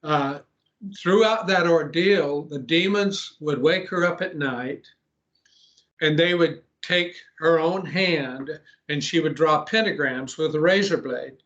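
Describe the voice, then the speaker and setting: A man, a pastor, telling a long story in an interview, earnest, with frequent restarts and throat clearing. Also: fairly high pitch, takes it slowly, fairly bright tone, lo-fi sound. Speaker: pastor and exorcist guest.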